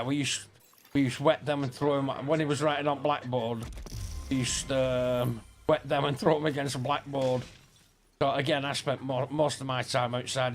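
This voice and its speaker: A man's voice: medium pitch, a little hiss or hum. A middle-aged man, rambling and swearing through school anecdotes while playing a game. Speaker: gaming streamer. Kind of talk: casual storytelling over gameplay.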